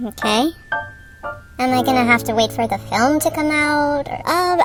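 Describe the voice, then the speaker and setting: A woman performing every part of an improvised radio comedy, switching quickly between characters. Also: sits high, faint music behind. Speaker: voice actor performing all parts.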